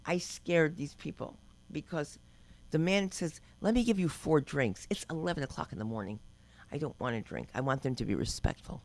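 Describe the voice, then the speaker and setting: A woman's voice: deep voice, animated, moderate pace, a little mellow. An older woman doing open-mic stand-up, telling brash, rambling stories and acting out quotes. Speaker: stand-up comedian. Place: comedy club stage.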